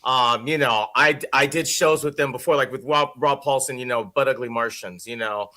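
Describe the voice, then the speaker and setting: A man, a voice-actor guest, chatting in an interview, expressive and rambling, with many restarts. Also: mid-range voice, normal speed. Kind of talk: casual interview chat.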